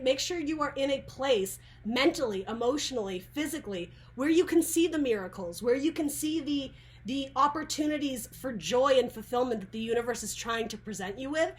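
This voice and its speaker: A woman giving a casual tarot reading to camera, chatty and rambling, often restarting her sentences. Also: high-pitched. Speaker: tarot reader.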